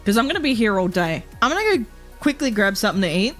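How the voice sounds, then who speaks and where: A woman's voice: medium pitch, sing-song, fast talker, soft background music. A woman streamer chatting casually, laughing often, swearing, and mimicking characters as she tells stories. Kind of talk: casual live-stream chat.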